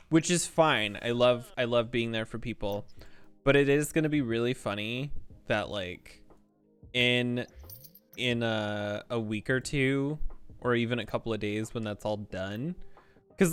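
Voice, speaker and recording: Brief: a male streamer with a middle pitch, candid and rambling, lots of restarts. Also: unhurried, a bit bright, smooth, faint music behind. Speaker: game streamer. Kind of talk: casual chat while streaming.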